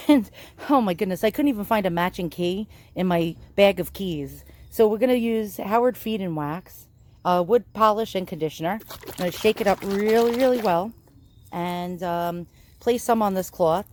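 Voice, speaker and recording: A woman's voice: mid-range voice, normal speed, a little mellow. A woman casually narrating her furniture restoration vlog, chatty and self-deprecating, with lots of ums and uhs. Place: outdoors in sunlight.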